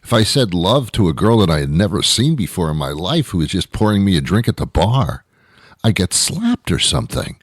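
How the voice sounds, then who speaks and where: A man with a very low voice rambles through a comic monologue in a deadpan, mock-outraged way. The sound is dry and close, with no room sound. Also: brisk, dry recording. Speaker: show host. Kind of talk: comedic monologue.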